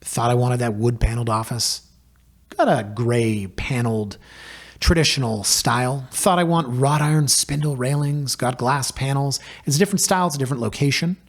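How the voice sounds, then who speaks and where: A man's voice: medium pitch, normal speed. A man, a podcast host telling a personal story in a wry, self-deprecating way. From Canada. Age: 40s.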